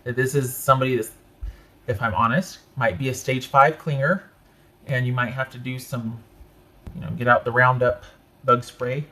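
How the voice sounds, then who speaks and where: A man giving a casual tarot reading, talking in a chatty way with animated asides and frequent self-interruptions. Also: medium pitch, normal speed. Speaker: tarot reader.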